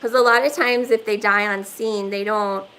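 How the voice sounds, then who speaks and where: A woman's voice: mid-range voice, steady tone, normal speed, pushed and bright, a little hiss or hum, rough recording. Rambling, profane woman on a livestream. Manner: rambling, profane, heavy "like" fillers. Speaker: livestream host. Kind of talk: casual livestream chat. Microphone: phone.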